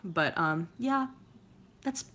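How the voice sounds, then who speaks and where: A woman's voice: lowish voice, expressive, drawn-out words, pushed and bright. A woman from California chatting casually as she answers viewer comments, rambling with lots of filler words and laughing often. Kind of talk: casual chat.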